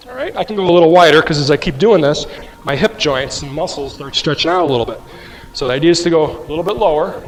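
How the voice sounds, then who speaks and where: A man leads a rehab exercise class, talking patiently and conversationally as he guides each movement. His voice sits a little high, and it rings with the long reverb of a large room. Soft music plays faintly underneath. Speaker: qigong and mobility instructor.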